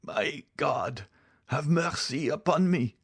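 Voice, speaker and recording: A man voicing a dying old male servant in agony, with gasping, drawn-out cries in an audiobook reading. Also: fairly high pitch, voice pushed up. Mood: despairing. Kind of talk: audiobook character voice.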